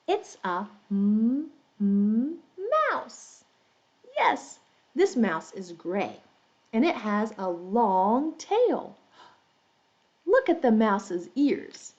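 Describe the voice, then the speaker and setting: On lo-fi audio, a woman whose voice is on the high side, a little mellow and full of big pitch swings leads a storytelling lesson for young learners of English. She speaks in slow, exaggerated, playful teacher talk and imitates animal sounds.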